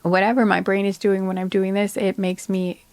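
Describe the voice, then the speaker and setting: A tired woman giving a relaxed tarot card reading, soft-spoken and rambling, trailing off with fillers. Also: mid-range voice, moderate pace, dry recording. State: tired and sleepy.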